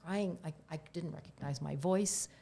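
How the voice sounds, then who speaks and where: A woman's voice: fairly low pitch, moderate pace, creaky, dark tone, husky. A middle-aged woman, a guest on a talk show, telling personal stories in a candid, reflective way that sometimes sinks to a near-whisper. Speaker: guest, herbalist.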